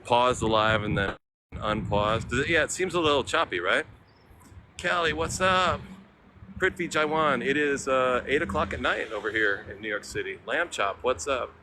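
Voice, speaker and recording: A man's voice: medium pitch, animated, normal speed. A man hosting a casual live-stream walking tour outdoors, chatting to viewers and greeting them by name. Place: outdoors on a city waterfront promenade. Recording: outdoor city noise with traffic.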